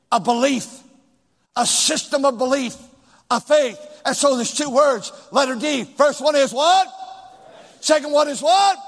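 A male pastor preaching a sermon with call and response to his congregation, rising into shouts. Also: very high voice. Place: large church hall with two floors. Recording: long hall reverb.

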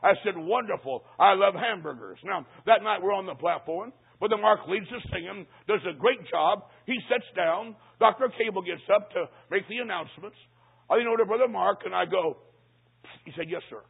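A man with a fairly high, gravelly voice preaches, spinning a humorous story and dropping into hushed, lower tones for the other characters. His voice is husky, and the recording sounds thin and tinny, like a phone line. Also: moderate pace. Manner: storytelling, acting out dialogue in hushed low voices.

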